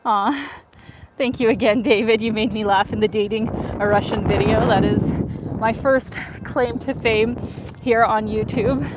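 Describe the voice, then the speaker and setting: A woman's voice: fairly high pitch, steady tone, measured pace. A woman from Ukraine, a travel vlogger, chatting upbeat on a walking live-stream while reading out viewer messages. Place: outdoors in a winter city, on a footbridge. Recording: outdoor phone stream with clear street noise. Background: street ambience, passers-by, accordion player.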